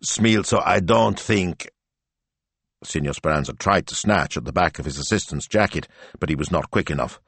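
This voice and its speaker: Male audiobook narrator, deep, animated contour, dry studio read. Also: quick pace, breathy edge, dry recording.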